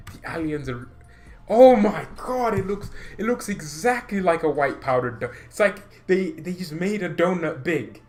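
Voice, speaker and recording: Excitable rambling man chatting about football. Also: a little high, moderate pace, hardly any pauses, soft background music. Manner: rambling, excitable, often laughing at himself. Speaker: channel host. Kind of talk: casual livestream chat about football.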